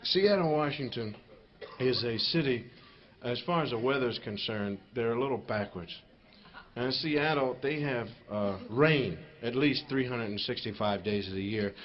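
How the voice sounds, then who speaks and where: A man telling stand-up stories live in a rambling, animated way, full of "you know". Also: mid-range voice, normal speed. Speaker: stand-up comedian. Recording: dull live album with crowd laughter. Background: audience laughter.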